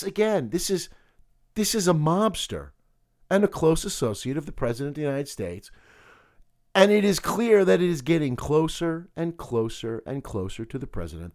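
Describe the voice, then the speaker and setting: Man, has a cold, political commentary, sarcastic, high voice, animated. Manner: sarcastic, indignant.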